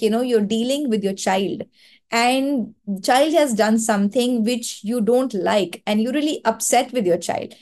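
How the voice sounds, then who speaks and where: A woman's voice: on the high side, a little mellow. A woman with an Indian accent leading an online training webinar, talking in an earnest, coaching way and repeating words for emphasis over a video call mic. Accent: Indian English.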